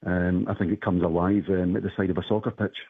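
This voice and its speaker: A man with a Glaswegian accent, calling in to a radio talk show and chatting in a measured, thoughtful way. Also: low-pitched, flat delivery, husky. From Scotland. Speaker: caller. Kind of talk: phone-in chat. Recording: phone line.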